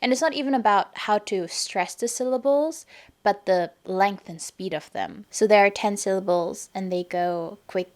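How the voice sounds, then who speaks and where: A young woman from Germany hosting a podcast, calmly explaining and analyzing her own poetry and reading verse aloud. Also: medium pitch, normal speed. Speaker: podcast host. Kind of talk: casual explanatory monologue on poetry.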